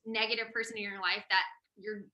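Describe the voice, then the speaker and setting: A woman's voice: mid-range voice, level tone, a little fast, pushed and bright, highs cut off. A woman hosting a podcast in casual, enthusiastic conversation, talkative and passionate. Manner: enthusiastic, talkative, frequent laughs. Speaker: podcast host.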